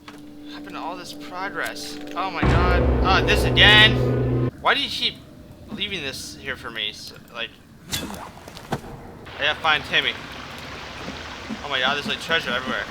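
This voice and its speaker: A man's voice: fairly high pitch, a little slow, pauses often, over loud music. A man doing let's play commentary, swearing constantly and yelping in panic at enemies over game sounds. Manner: profane, panicky, yelps and curses at enemies. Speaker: gaming YouTuber.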